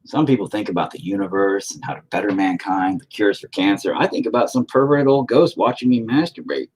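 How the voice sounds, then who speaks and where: A man's voice: on the low side, fairly quick, darkish tone, a little hiss or hum. A man rambling to himself while painting, profane and self-deprecating. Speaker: painter talking to camera. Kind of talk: rambling casual monologue.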